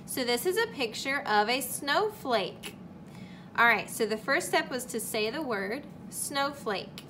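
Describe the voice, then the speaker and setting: In a bright, forceful voice on the high side, a young teacher leads a recorded lesson for kindergartners. There's slight hiss or hum, and she carefully and slowly sounds out each word.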